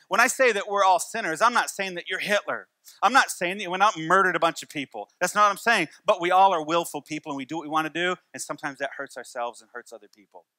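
High bright-voiced male pastor preaching. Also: no room sound. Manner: storytelling with wry humor and repetition. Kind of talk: sermon.

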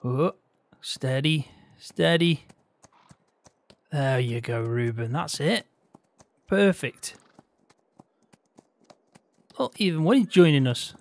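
A man hosting a farming-game roleplay, laughing easily and gently coaxing a horse. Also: a little high, expressive, slow, pauses often, no room sound. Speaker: roleplay gamer and host.

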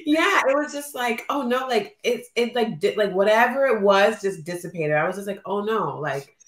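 In an expressive mid-range voice at a moderate pace, a woman co-hosting a podcast opens up emotionally about a friendship and acts out the lines that were spoken. The sound is reverberant, the talk is casual, and she is postpartum.

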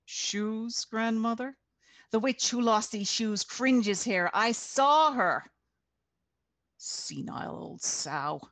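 A cruel male police sergeant mocks and sneers, drawing his words out slowly with cold amusement, as a woman reading a novel puts him on. The delivery is unhurried and dry. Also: fairly high pitch, fairly bright tone, dry recording, voice pushed up. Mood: sneering.

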